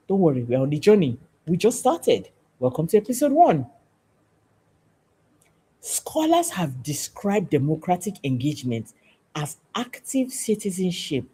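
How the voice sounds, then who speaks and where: This podcast host, a woman from Nigeria, has a deep, mellow, husky voice. Talking to camera, she gives a passionate civic talk in an emphatic, preachy style, leaning on repeated phrases for emphasis.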